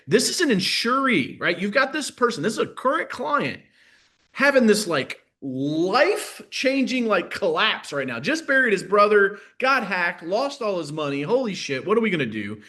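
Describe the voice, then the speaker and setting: Animated man, casual coaching talk. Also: moderate pace. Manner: animated, filler-heavy, swings between loud bursts and low asides. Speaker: sales coach. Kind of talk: casual live masterclass talk.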